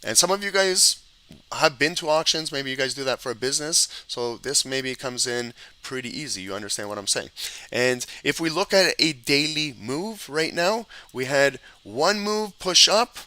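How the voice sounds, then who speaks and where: Man, trading teacher, bright forceful voice, live chart walkthrough, instructive, checks in often. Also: medium pitch, moderate pace, rough recording. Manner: instructive, repeats "okay?" checks, animated auctioneer riffs. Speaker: trading educator. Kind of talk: live screen-share market analysis.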